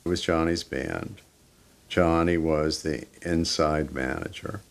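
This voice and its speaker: Gravelly low-voiced man, blunt. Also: steady tone, slow pace. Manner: blunt, emphatic storytelling. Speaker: interviewee. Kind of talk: documentary interview recollection.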